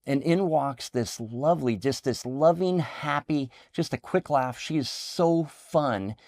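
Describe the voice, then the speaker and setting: A man hosting an interview show, excitable and enthusiastic as he talks with his guest. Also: medium pitch, slow pace, no room sound, clean studio sound. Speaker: interview host. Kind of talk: casual interview chat.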